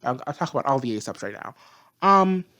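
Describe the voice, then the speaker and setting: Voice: medium pitch, expressive, brisk, bright, forceful tone. A video reviewer giving a casual spoken review, chatty and full of slangy asides, laughing often. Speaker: video reviewer of an animated series.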